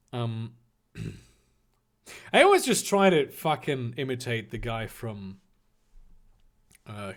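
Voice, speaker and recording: A man reading fan fiction aloud with sarcastic, swearing asides. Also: mid-range voice. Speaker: reader.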